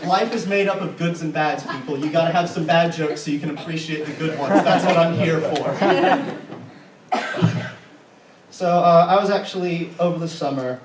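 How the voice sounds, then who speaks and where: Recorded from afar amid heavy background noise in an echoey club, a young comic with a highish voice compères and performs stand-up with crowd work before a live audience. Holding a handheld stage mic, sometimes straying off it, he launches into profane, disbelieving rants and laughs frequently.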